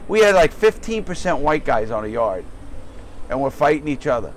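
A middle-aged man hosting a podcast, telling stories in a casual, profane, animated way and acting out other people's voices. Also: a little high, moderate pace, slight background noise. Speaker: podcast host. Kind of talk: casual storytelling chat.

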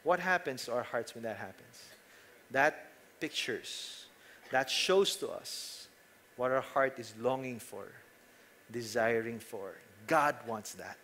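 A man's voice: medium pitch, a bit bright. A man with a Filipino accent preaching a sermon, telling stories casually and asking the congregation rhetorical questions. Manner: conversational storytelling, mixing in Tagalog phrases. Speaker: pastor.

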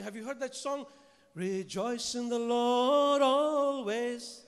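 High-voiced preacher in a reverberant hall. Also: male voice. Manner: lively, asks the congregation questions, mixes humour with scripture. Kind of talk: sermon to a live congregation. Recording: long reverb of a large hall.

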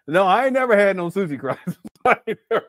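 Lively high-voiced man chatting with viewers. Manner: laughs often, slangy, calls viewers family. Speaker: livestream host reading chat. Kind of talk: casual livestream chat.

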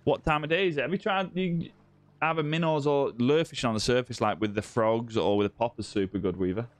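A man's voice: mid-range voice, a little fast, no room sound. Chatty man hosting a game stream. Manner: chatty, friendly, greets viewers with "mate". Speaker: live-stream gaming host. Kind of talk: casual live-stream chat reading viewer comments. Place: indoor room with ring light.

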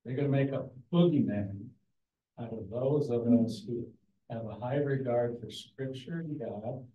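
A man's voice: mid-range voice, slow, dark tone. A man in a church class giving an opinionated, sarcastic comment in a mocking tone. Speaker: class participant. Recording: echoey room, mic far off.

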